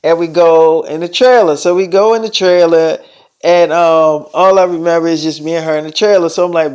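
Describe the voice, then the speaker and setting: Profane high-voiced male storyteller. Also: fairly even intonation, darkish tone, clean tone. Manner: profane, fast-talking, emphatic storyteller. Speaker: vlogger. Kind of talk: casual storytime vlog.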